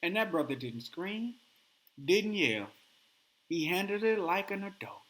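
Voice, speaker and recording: Animated male podcast host telling stories. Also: high voice, unhurried. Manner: animated storytelling, acts out quotes. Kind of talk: casual chat.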